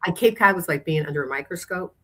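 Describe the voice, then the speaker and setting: A woman's voice: on the low side, animated, fast talker, a bit bright, breathy edge. A woman chiropractor, a podcast guest, telling long rambling stories and acting out the people she quotes. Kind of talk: casual interview storytelling.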